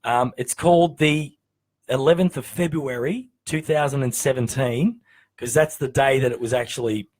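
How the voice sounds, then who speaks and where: A man with an Australian accent hosting a casual music chat show, talking in a hesitant, halting way with many restarts. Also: medium pitch, darkish tone. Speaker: show host.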